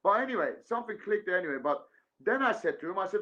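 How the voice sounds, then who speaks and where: A man's voice: sits high, big pitch swings, quick pace, sharp tone. A man telling a long, rambling story in casual conversation, acting out both sides of phone calls. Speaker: guest. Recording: dull lo-fi sound.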